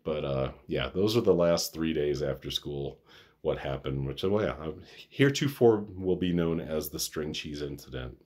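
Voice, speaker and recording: A middle-aged man tells a long, wandering story in a personal vlog. His voice sits extremely low, with a rough, husky edge. He laughs often and swears without care. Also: animated, normal speed, a little mellow. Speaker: vlogger.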